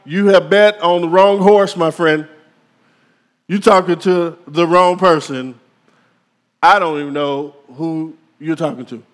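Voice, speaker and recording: A man's voice: a little high, fairly even intonation, unhurried, close to an everyday voice. A man voicing a timid young man who feels insignificant, pleading and self-deprecating. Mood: incredulous.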